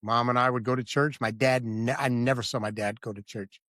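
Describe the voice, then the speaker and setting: A man's voice: medium pitch, steady tone, brisk, a bit bright, dry recording. A man guesting on a podcast, telling a hard personal story in a candid, vivid way and often stopping to check the listener.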